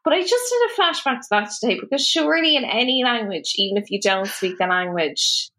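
An Irish woman in her thirties chatting easily on a podcast. Her voice is bright, with a clear forward edge, and she tells stories freely, swearing as she goes. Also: fairly high pitch, animated, brisk. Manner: chatty, storytelling, swears casually. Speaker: podcast co-host. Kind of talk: casual chat.

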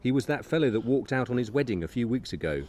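A man's voice: mid-range voice, animated, fast talker, a little mellow. A man co-hosting a podcast, chatting casually and enthusiastically outside on a residential street, laughing easily. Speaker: podcast co-host. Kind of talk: casual chat on a walking tour. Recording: recorded outside with street ambience.

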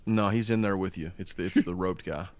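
A man running a tabletop game as game master, narrating scenes vividly and calling rolls. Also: sits low. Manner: vivid, descriptive narration with quick rules calls.

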